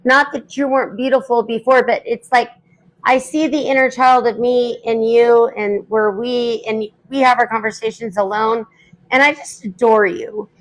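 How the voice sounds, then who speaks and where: Woman caller, gushing and affectionate, a bit higher voice, casual chat. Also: steady tone, moderate pace, poor audio. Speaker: caller on a live stream. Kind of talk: casual live-stream chat.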